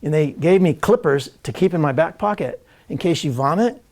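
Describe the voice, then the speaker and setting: A man telling a personal story to a live audience, animated and laughing, acting out other people's lines as he goes. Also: a little high, moderate pace. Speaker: spiritual speaker.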